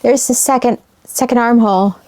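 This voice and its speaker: A woman's voice: a little high, fairly even intonation, mellow. A woman casually showing vintage fabric scraps to her viewers, musing and sentimental as she unpacks them. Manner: wistful, sentimental, talks to viewers while unpacking; unhurried and musing. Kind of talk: casual show-and-tell vlog.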